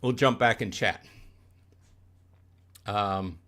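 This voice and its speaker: A man's voice: fairly low pitch, extremely slow, music in the background. A man hosting a casual gaming livestream, rambling and restarting his sentences, often checking in with "okay?" and "right?", and getting fired up as he explains. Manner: gets fired up. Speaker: livestream host.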